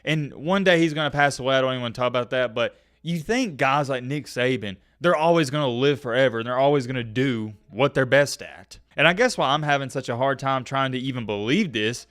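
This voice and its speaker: A young man, talking casually in a reaction vlog, animated and on the verge of tears. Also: medium pitch, brisk, few pauses, no room sound, studio quality. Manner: emotional, animated, voice breaking near tears. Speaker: sports video creator.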